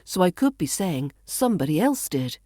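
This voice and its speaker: Brief: British woman accent coach, low-ish voice with animated pitch, dry sound. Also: no room sound. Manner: slow, deliberate, demonstrates stress and pronunciation. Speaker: accent coach and podcast host. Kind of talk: scripted podcast lesson.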